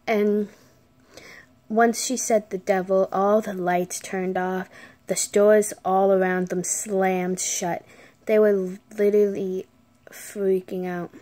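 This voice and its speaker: A woman vlogger tells a story at an unhurried pace. Her storytelling is casual and chatty, full of "like," and she sinks into whispers at the suspenseful moments. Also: mid-range voice, little pitch movement, warm tone. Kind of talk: story time.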